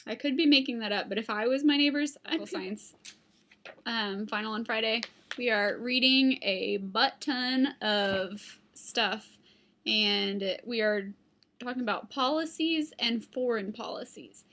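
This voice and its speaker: With a slightly high, sharp-toned voice and a measured pace, a young adult woman vlogs indoors at home on her computer webcam. She rambles casually from one subject to another and talks to her dog.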